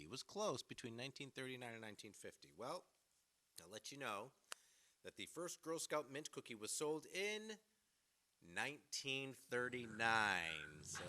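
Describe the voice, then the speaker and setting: A man's voice: mid-range voice, bright, forceful tone. A man hosting a virtual event, chatty and informal, reading out recipes and trivia questions. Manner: chatty, reads recipes aloud, eats while talking. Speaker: event host.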